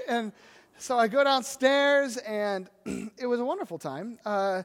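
A man in his thirties with a fairly high voice preaches to a congregation. He tells his stories with animation and acts out the scenes as he goes. His voice rings out with a long reverb through a large church hall. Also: measured pace. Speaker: pastor. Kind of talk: sermon.

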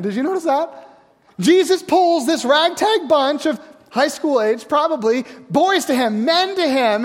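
A man preaching a sermon, reading scripture and telling a story in a casual, animated way. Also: extremely high pitch. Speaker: pastor. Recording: long hall reverb.

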